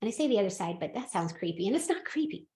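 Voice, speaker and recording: A woman hosting a podcast, telling a personal story in casual chat, animated and laughing often as she acts out what people said. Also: mid-range voice, racing, echoey room. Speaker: podcast host and medium.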